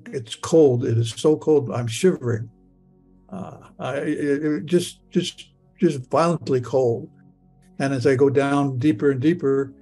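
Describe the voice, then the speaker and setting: Gravelly older man, stammering storyteller. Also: medium pitch, a little mellow. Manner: stammering, repeating words, halting restarts. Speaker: near-death experience storyteller. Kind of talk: personal storytelling in present tense.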